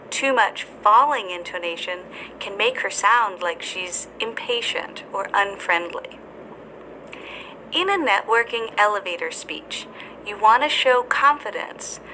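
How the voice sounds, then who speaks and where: A woman with a bright, clear voice delivers a scripted English lesson. She speaks slowly and deliberately, pronouncing every word with care, at a middle pitch, with a faint hiss of noise behind her. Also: low-quality recording. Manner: slow, deliberate, careful enunciation. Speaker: English teacher.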